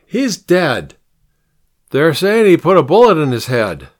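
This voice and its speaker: A man's voice: expressive, a little slow, clear, resonant tone. A man voicing an unsteady man calling out from under a pub awning in a strained, raised voice. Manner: shouting after someone, high and strained.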